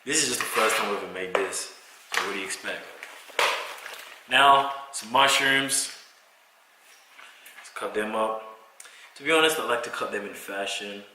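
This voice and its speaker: A man's voice: on the low side, moderate pace, pauses often. A young man talking casually to the camera as he cooks in a home kitchen, rambling and slangy. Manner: slangy, rambling, talks to camera while cooking. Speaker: vlogger. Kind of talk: casual cooking vlog. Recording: echoey kitchen with clear background noise.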